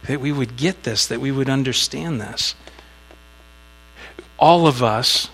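A man's voice: mid-range voice, unhurried, gravelly, fairly bright tone, breathy edge, rough recording. A man preaching a sermon in a conversational way, telling a story with little acted asides. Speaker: pastor.

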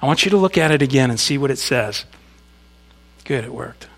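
A man's voice: medium pitch, lively intonation, brisk. A man preaching a sermon, speaking conversationally to the congregation with asides and reading scripture with emphasis. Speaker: pastor.

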